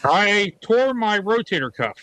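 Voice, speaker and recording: A man's voice: sits high, sing-song, a little slow, pushed and bright, no echo, rough recording. A man chatting as a guest on a livestream in a plain, matter-of-fact way, over a video call. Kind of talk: casual chat.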